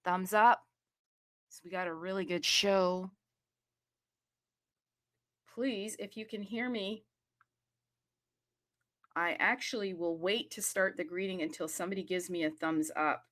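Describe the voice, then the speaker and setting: A woman's voice: lowish voice, fairly even intonation, unhurried, long pauses, a bit bright, dry recording, studio quality. A woman hosting a live online audio room in a sassy, playful, bubbly way, hyping up the show.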